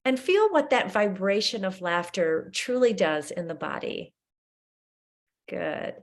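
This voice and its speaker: Slow, soothing woman leading meditation. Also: mid-range voice, big pitch swings. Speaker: meditation and laughter yoga leader. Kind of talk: guided meditation.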